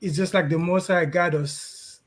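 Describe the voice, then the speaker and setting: A man from Haiti, telling his story on a video call, earnest and hesitant with pauses. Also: sits high, steady tone. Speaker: client and guest on a live call. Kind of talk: casual testimony on a video call.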